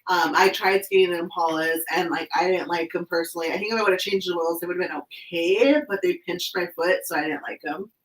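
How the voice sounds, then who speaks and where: A woman's voice: on the low side, steady tone, fairly quick, few pauses. A woman from California hosting a casual skate chat, upbeat and full of "like". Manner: chatty, upbeat, says "like" constantly. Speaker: skate channel host. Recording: roomy sound, distant from the mic.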